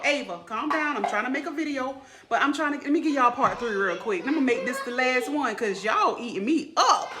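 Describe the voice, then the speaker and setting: A woman telling a storytime about her school front-office job in a chatty, lively way, acting out everyone's quoted lines. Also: high voice, brisk, hardly any pauses, crowd noise. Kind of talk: casual storytime vlog.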